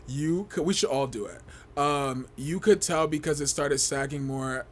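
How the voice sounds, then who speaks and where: A young man with a high voice that swoops all over, chatting casually on a livestream. He gossips and reacts to the chat with loud shrieks and laughter. His talk is animated and unfiltered. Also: a little slow, husky. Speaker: livestream host.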